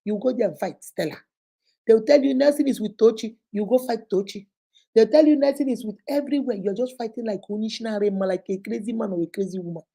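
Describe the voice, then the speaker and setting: A woman hosts an advice show and lectures her listeners in an animated, preachy way, throwing one rhetorical question after another. Her voice sits a little high but sounds warm and mellow. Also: quick pace, creaky. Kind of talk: casual advice commentary.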